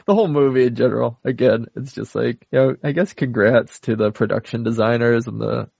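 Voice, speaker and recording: A man's voice: mid-range voice, steady tone, fairly quick, gravelly, darkish tone, slightly rough, no room sound. A man co-hosting a podcast, laid-back and agreeable, retelling scenes in casual chat. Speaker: podcast co-host. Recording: dry, dull lo-fi podcast audio.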